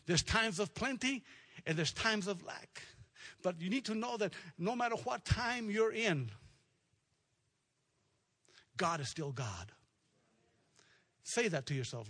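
A male pastor from preaches with a high, husky voice. He moves from relaxed storytelling into a building, emphatic, repetitive declaration. His colors his words. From South Texas. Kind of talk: sermon.

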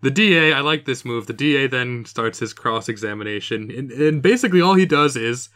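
A man's voice: mid-range voice, expressive, a little fast, a bit bright. A man co-hosting a podcast, recapping an old TV episode in casual, jokey chat, laughing often. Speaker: podcast co-host.

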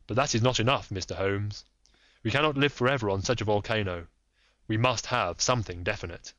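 A man voicing a subdued, stern older prime minister who speaks gravely and firmly. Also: on the low side, brisk, fairly bright tone, dry recording, pitched below the performer's own voice, natural voice. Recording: dull dry recording.

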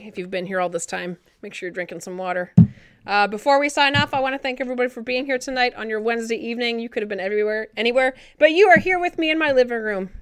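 A woman's voice: fairly high pitch, smooth, no echo, clean studio sound. Chatty young woman hosting a live stream. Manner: chatty, animated, swears casually. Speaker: livestream host. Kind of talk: casual live-stream chat. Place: her living room.

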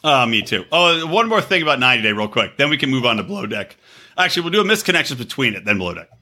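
A man hosting a podcast, chatting casually and profanely, acting out quotes in high squeaky voices. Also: racing. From Los Angeles area. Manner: animated, swearing, acts out quotes in high voices. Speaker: podcast host.

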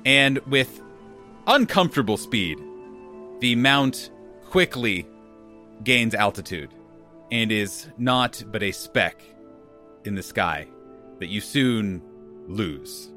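A man's voice: lowish voice, animated, slow pace, pauses often, bright, forceful tone, soft background music. A man narrating as game master of a tabletop game, loosely, with casual fillers.

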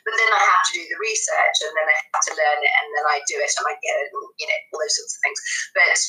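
A woman's voice: deep voice, fast, sharp tone. A woman dialect coach chatting casually in an interview, rambling with lots of fillers. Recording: echoey room, distant from mic.

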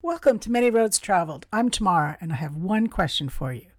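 A woman's voice: fairly low pitch, animated, brisk, no room sound, clean studio sound. A middle-aged woman from Canada hosting a travel podcast, chatting casually in a bubbly way and laughing often. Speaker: podcast host.

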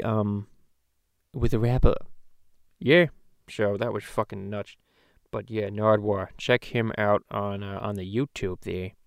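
A man's voice: on the low side, a little mellow, smooth, no echo, studio quality. A man voicing a crude, rambling middle-aged cartoon dad in a casual podcast chat, talking loosely and swearing often. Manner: rambling, profane, loose storytelling.

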